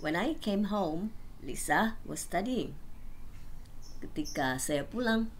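A woman who is a language teacher, reading sentence drills slowly and deliberately, repeating each line. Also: on the low side, lively intonation, slight background noise.

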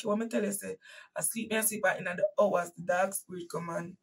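A Jamaican woman preaching to her listeners as she tells a painful story. Her voice is gravelly and husky, rising from hushed tones into emphatic outbursts and repeating phrases for weight. She sounds a little distant from the mic. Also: mid-range voice, moderate pace. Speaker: host and preacher. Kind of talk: dramatic personal storytelling.

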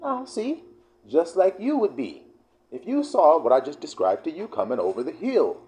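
A man leads a casual scripture lesson with a mellow, dark tone. His pitch rises and falls in an animated way. He reads verses slowly, then breaks into blunt, profane explanation. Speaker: Bible teacher. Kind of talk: casual scripture teaching video.

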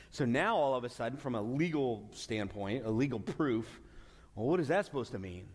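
A man's voice: mid-range voice, lively intonation, normal speed, husky. A man preaching a sermon as pastor, earnest, often restarting and stretching out key words for emphasis. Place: church sanctuary. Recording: long hall reverb.

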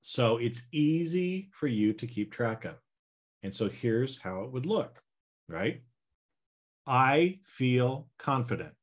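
Slow, easygoing male self-help host. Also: medium pitch, animated, darkish tone. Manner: casual, repeats "right?" and "okay?", coaching listeners. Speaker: podcast host. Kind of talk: motivational self-help talk.

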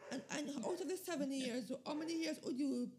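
A woman hosting a faith podcast, who asks gentle and affirming interview questions. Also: high-pitched, a little fast, slight background noise. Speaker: podcast host.

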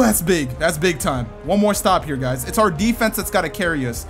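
Excitable high-voiced man calling gameplay. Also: brisk, hardly any pauses, soft background music. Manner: excitable, talks to himself and viewers, sudden shouts. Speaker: gaming YouTuber. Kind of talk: live gameplay commentary.

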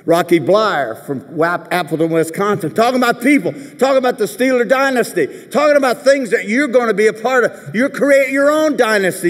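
In a large ceremony venue with a big hall's long reverb, a lively man with an extremely high-pitched voice delivers a commencement speech. He rambles through anecdotes as an animated storyteller, tossing in jokey asides and acting out quoted voices.

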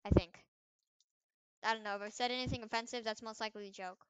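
A young woman giving casual commentary over a game she is playing, swinging between loud trash talk and quiet mumbled asides. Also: a little high, steady tone, fast, clear, resonant tone, no room sound. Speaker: gaming video creator.

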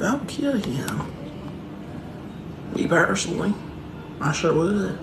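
A woman's voice: fairly low pitch, very animated, slow. A woman with a Southern US accent trolling strangers on a video call, sassy, mock-pious and profane. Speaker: prankster in random video chats. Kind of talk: in-character trolling chat. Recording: echoey room, faint noise.

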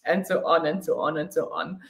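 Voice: mid-range voice, steady tone, fairly quick, fairly bright tone, reverberant. A travel vlogger with a German accent, chatting through a live Q&A, thinking aloud and laughing readily. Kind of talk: live Q&A chat.

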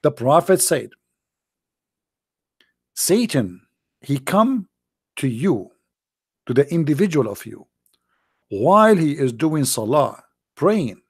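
A man's voice: on the high side, darkish tone, slightly rough, no room sound, clean studio sound. A man hosting a livestream who mocks and taunts his viewers in a sarcastic way, often laughing and reading their chat comments aloud. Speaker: livestream host.

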